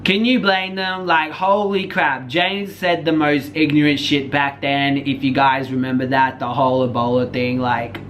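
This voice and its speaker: A man's voice: medium pitch, steady tone, normal speed, few pauses, highs cut off, slight background noise. A man hosting a drama commentary channel, casual, blunt and joking, with plenty of swearing.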